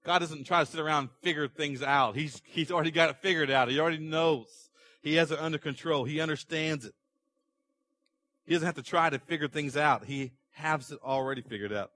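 A man's voice: a little high, a little fast, sharp tone, a little hiss or hum. A middle-aged man preaching a sermon in a conversational way, asking rhetorical questions and repeating his points. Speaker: pastor.

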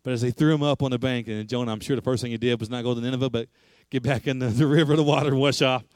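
A man's voice: medium pitch, steady tone, rapid-fire, a little mellow, no room sound. A man preaching a sermon, emphatic and repetitive, asking rhetorical questions.

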